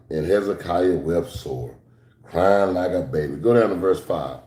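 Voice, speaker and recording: A middle-aged man teaching scripture to a class as a sermon, moving between slow, low reading and high excited outbursts, with casual asides to his listeners. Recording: echoey room.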